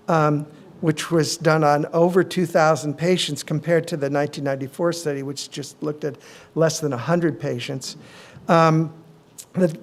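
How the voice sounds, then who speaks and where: A middle-aged male physician giving a conference presentation, measured, with frequent ums and uhs. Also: on the high side, darkish tone.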